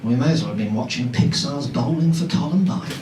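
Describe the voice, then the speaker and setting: This is a man in his forties doing stand-up at a pub comedy club, his mid-range voice moving fairly quickly as he banters with the audience in an animated, chatty way and keeps throwing them asides. He sits far from the mic amid background noise, and the roomy live recording carries loud laughter.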